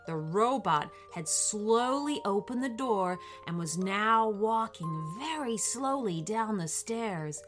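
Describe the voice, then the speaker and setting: A woman reading a children's bedtime story aloud in an expressive, lilting voice. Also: mid-range voice, slow pace, few pauses, soft background music.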